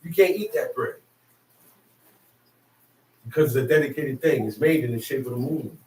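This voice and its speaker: Speaking at a moderate pace in a medium-pitched, darkish voice, this street preacher teaches by calling out to his audience and awaiting responses. His rhetorical questions come colloquially and with emphasis, captured on an echoey, far-off mic with faint surrounding noise.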